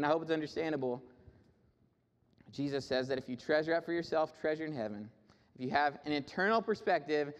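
Preacher, male, fairly high voice with gravel, rising to emphatic peaks then dropping low and chatty, long hall echo. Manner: swings from raised emphatic preaching to low conversational asides. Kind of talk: sermon. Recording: reverberant hall.

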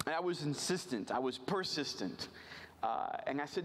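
A man from rural Virginia telling a personal story to a church audience, animated and self-deprecating, often asking the crowd questions. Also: on the high side, moderate pace, a little hiss or hum. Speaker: missions speaker.

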